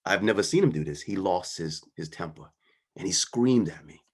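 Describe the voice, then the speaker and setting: A man with a fairly low voice gives a personal storytelling talk. He speaks earnestly and conversationally, often pausing to check in with his listeners as he goes. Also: animated. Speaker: guest speaker.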